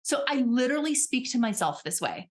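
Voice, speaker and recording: A woman coach speaking as a podcast guest, animated and chatty, often acting out little voices in her examples. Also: a little high, a little fast. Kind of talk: casual chat.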